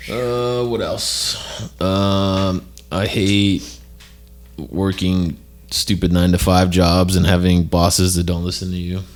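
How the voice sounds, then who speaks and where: A man's voice: low voice, steady tone, takes it slowly. A man co-hosting a podcast in casual chat, swearing often and laughing through his stories. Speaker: podcast co-host.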